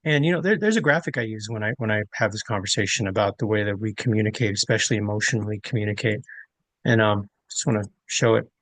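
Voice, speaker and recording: A man's voice: lowish voice, fast, a bit bright, no room sound. Male host, teacherly and explanatory; dry, close recording. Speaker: podcast host. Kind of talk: casual conversation.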